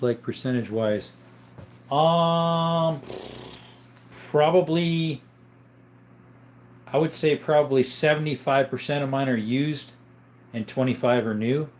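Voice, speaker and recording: A man hosting a live stream in casual chat, greeting viewers and reading their questions aloud, explaining things in a relaxed, rambling way. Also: medium pitch, slight background noise.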